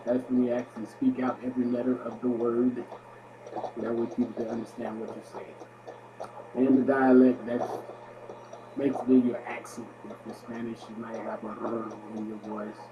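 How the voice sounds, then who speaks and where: A man reads through his speech notes in a mid-pitched voice, calling out each heading loudly and letting his sentences fade toward the end. The sound is dull and lo-fi, as if caught by a webcam mic. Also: noisy background. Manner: loud on headings, trailing off quietly at sentence ends. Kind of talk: reading study notes aloud as a video presentation. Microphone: webcam microphone.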